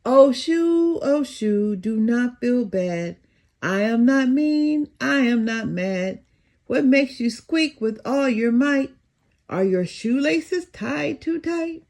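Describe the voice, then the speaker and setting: An eager, fussy dinosaur detective from a storybook, excitable and quick to exclaim, as a woman reads him aloud. The voice sits high and swoops widely through its sentences, and the delivery is slow and drawn out. Soft music plays faintly underneath. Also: husky, exaggerated voice. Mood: sing-song.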